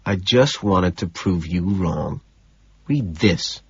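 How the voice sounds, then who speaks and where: A man's voice: sits low, takes it slowly, husky, dry recording, highs cut off, full character voice. A man doing a smug, needling finance bro. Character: smug petty young male finance colleague. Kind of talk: audiobook character voice.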